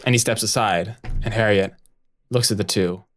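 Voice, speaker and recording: A man's voice: fairly low pitch, steady tone, normal speed. A man narrating his character's actions in a tabletop role-playing game, in a loose way with fillers.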